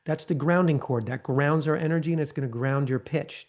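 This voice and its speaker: A man's voice: on the high side, a little fast, darkish tone. A man leading a live online training, coaching in a conversational way and often checking in with "okay?" and "right?". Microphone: video call.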